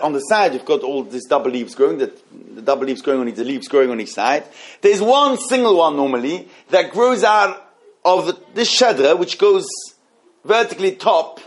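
Higher-voiced man teaching a text class. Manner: explains texts slowly with many restarts and repeated phrases. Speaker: Torah teacher. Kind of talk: halachic class with questions.

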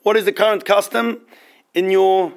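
A man teaching an informal Torah study class, halting and often repeating words as he explains. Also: sits high, fairly even intonation.

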